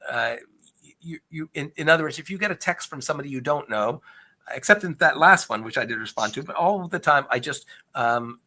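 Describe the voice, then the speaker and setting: A man's voice: a little high, expressive, a little fast, sharp tone. A man from a government agency answering questions about fraud in an earnest, explanatory way, often restarting his sentences. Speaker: agency speaker on investor fraud. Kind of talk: conversational Q&A presentation.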